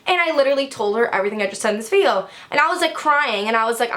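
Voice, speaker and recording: High-pitched bright teen girl ranting. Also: very fast. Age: teens. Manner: animated, profane, heated. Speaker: vlogger. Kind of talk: storytime rant.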